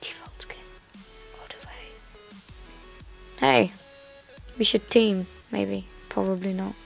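A woman's voice: medium pitch, fairly even intonation, slow pace, creaky. A woman giving casual, playful gameplay commentary, chatty and self-mocking as she plays. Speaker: gamer. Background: faint background music.

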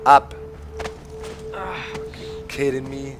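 A man's voice: medium pitch, steady tone, takes it slowly, creaky, music in the background. A man whose first language is German, commentating his gameplay live and swearing in frustrated outbursts at the game. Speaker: gaming video host.

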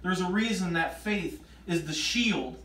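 This high-pitched man speaks at a measured pace with lively intonation and a bit of brightness while preaching at an informal Bible study. After reading scripture aloud, he becomes emphatic in explaining it; the recording is echoey, distant, and faintly noisy.

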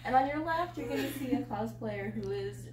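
A woman's voice: fairly high pitch, expressive, fairly quick. A young woman cosplayer chatting playfully with friends, joking like a tour guide. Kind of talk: casual chat, joking tour-guide bit. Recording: music playing behind.

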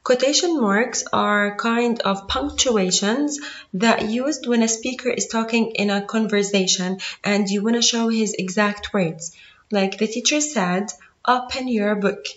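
A woman's voice: mid-range voice, measured pace. Woman teaching grammar, roomy lo-fi sound. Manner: patient, counts points off one by one. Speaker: English teacher. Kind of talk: screen-recorded grammar lesson. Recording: roomy, dull lo-fi audio.

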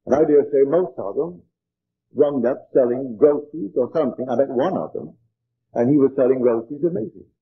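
Husky older man lecturing on tinny tape. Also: mid-range voice. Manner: earnest, measured storytelling. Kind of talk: spiritual lecture. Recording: tinny old archival tape.

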